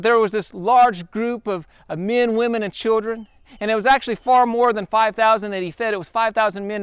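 A man's voice: extremely high pitch, smooth, no room sound, studio quality. A man preaching a sermon in an earnest, conversational way, often restarting his sentences. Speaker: pastor.

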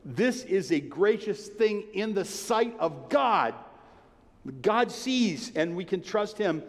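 A man preaching a sermon in a conversational, emphatic way, sometimes dropping to a hushed tone. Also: high-pitched, animated, slow pace. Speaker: pastor. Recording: long hall reverb.

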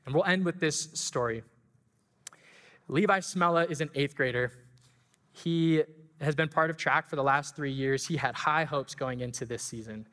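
A man preaching a sermon, telling a story with emotion and rising excitement, then leading communion and prayer. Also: fairly high pitch, moderate pace. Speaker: pastor and school track coach. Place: church sanctuary. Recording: long hall reverb.

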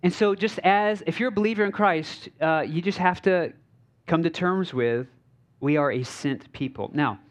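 A man preaching as a pastor in a relaxed, conversational sermon from a church stage. He jokes, uses many fillers and keeps checking in with the crowd. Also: a little high, moderate pace. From United States.

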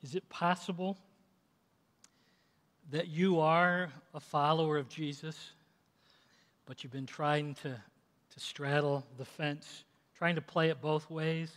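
High-voiced preacher in a reverberant hall. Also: male voice, fairly even intonation, slow pace, pauses often. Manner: impassioned, swelling then dropping to a hush. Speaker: pastor. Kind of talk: sermon. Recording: long reverb in a large hall.

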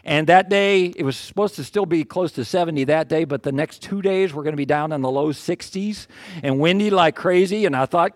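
An older man preaching, telling a personal story in a folksy, self-deprecating, animated way. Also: high voice, brisk, no echo, clean studio sound. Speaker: pastor. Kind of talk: storytelling sermon.

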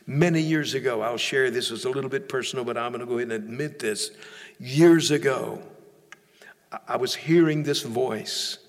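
A man's voice: medium pitch, moderate pace, long reverb tail. A male pastor preaching a sermon in a church, emphatic, often repeating and restarting phrases.

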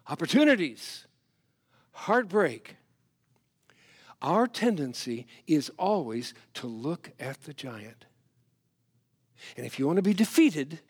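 A man preaching a sermon as pastor, animated, swinging from loud emphasis to hushed asides. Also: high voice, husky.

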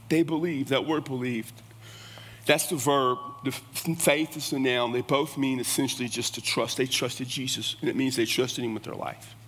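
A man's voice: medium pitch, steady tone, moderate pace, fairly bright tone. A man preaching a sermon in a folksy, conversational way. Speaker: pastor. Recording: long reverb of a large hall.

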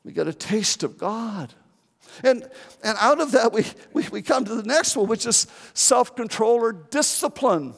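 Man in his 70s, pastor, sermon, high gravelly voice, earnest, repeats words, long church reverb. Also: animated, a little slow.

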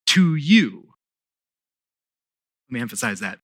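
A middle-aged male pastor preaching a sermon, emphatic and deliberate, repeating key words with pauses for weight. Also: mid-range voice, very animated, bright, forceful tone, no room sound, studio quality.

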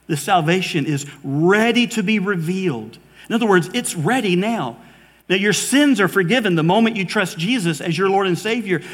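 A man's voice: sits high, fairly bright tone. A pastor delivers a sermon in a slightly raised voice. He speaks earnestly to his congregation and builds his points through rhythmic repetition. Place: church sanctuary with congregation.

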